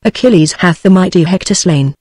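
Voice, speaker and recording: A text-to-speech British woman voicing a ruthless, proud male Greek warrior in an even, unacted tone. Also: lowish voice, a little fast, slightly rough, no echo, clean studio sound. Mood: triumphant. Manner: flat synthetic delivery.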